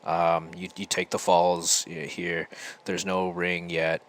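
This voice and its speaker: A man voicing a brisk, businesslike male organizer of amateur wrestling videos in a low voice. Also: completely flat delivery, fairly bright tone. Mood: offhand.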